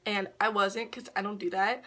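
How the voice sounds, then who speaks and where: A woman's voice: medium pitch, steady tone, normal speed, pushed and bright. A woman telling a personal story to a camera propped on a tissue box in her bedroom, rambling and giggling, with lots of ums and likes. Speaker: vlogger.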